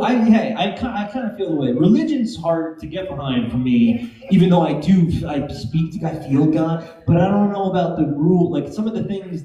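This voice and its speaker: A man doing a stand-up comedy set, loose and joking, working the crowd with laughing asides. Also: on the high side. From Greek heritage. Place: comedy club stage. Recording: echoey club with audience.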